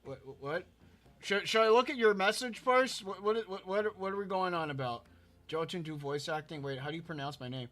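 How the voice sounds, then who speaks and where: A man's voice: sits high, brisk, a bit bright. A man hosting a casual drawing live stream, rambling and repeating words as he reads chat aloud. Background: faint background music.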